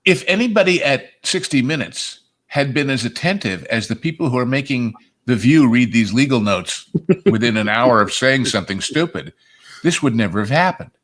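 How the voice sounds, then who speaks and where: A man's voice: mid-range voice, animated, moderate pace, a bit bright. A man co-hosting a casual news commentary show, speaking wryly and emphatically and quoting history. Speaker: co-host. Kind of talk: casual political commentary chat.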